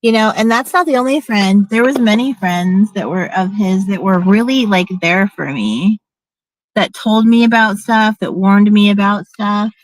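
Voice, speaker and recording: A woman's voice: medium pitch, normal speed, no room sound, poor audio. A middle-aged woman venting casually in a rambling storytime, blunt and profane, restarting her sentences often. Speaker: vlogger.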